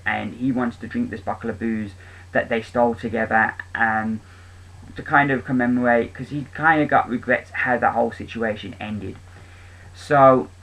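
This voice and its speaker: A man talks through his weekly comic picks in a loose, chatty way. His voice sits at an ordinary middle pitch. He is clearly enthusiastic, but he often pauses on an um and restarts his sentences. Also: a bit bright, low-quality recording. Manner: rambling, with many ums and restarts. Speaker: comic book reviewer. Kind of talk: casual spoken review.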